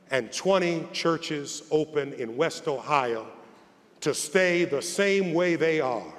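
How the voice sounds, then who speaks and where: A man preaching as a bishop, his high voice sitting well above most men's. He takes his time, stretching phrases out and repeating lines for weight. The sound rings with the long tail of a large hall. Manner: builds from quiet drawn-out phrases to shouted, rising preaching; repeats phrases for emphasis, folksy asides. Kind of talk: sermon.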